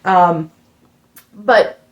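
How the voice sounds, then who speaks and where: A woman in her forties from the United States, a musician co-hosting a podcast, telling a story with lively acted-out quotes in a casual chat. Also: lowish voice, drawn-out words, muffled recording. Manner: animated storytelling, acts out quotes.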